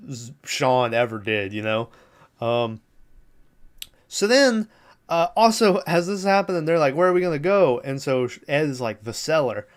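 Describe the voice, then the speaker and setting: Smooth-voiced man rambling through a movie recap. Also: medium pitch. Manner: rambling, loose recap full of fillers and swearing. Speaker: podcast host.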